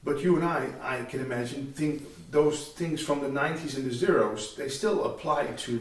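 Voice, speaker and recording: A man hosting a casual interview, agreeable, dropping in short replies. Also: mid-range voice. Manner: agreeable, quick short backchannels. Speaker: interviewer, host. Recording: echoey room, from a distance.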